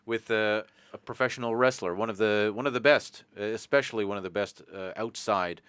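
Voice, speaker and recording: A Canadian podcast host with a low, smooth, resonant voice rambles through a casual chat full of jokes and the odd swear word. He talks a little fast with a bit of brightness. The sound is dry and close, with no echo and almost no room around him.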